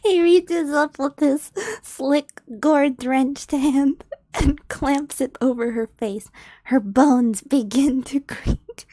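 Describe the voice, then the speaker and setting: A young woman streamer reading a fan story aloud, softly and often whispered, with giggly asides, on a close mic. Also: sits high, takes it slowly, no room sound.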